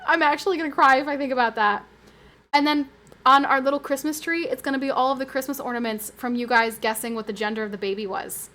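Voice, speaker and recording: A woman streamer chatting casually with her viewers and reading their messages aloud. She is animated and giggly, with sudden high squeals. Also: quick pace. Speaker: livestreamer.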